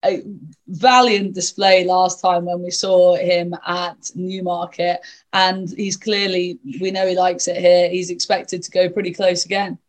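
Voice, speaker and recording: A woman hosting a horse racing betting podcast, brisk and bubbly, quick to laugh. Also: fairly low pitch, flat delivery. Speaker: podcast host.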